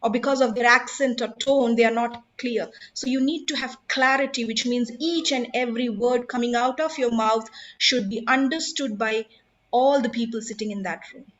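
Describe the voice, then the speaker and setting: A woman's voice: a little high, steady tone, normal speed, a bit bright, highs cut off. A woman, teaching public speaking in an emphatic, instructive way and putting questions to her audience. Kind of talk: online workshop talk.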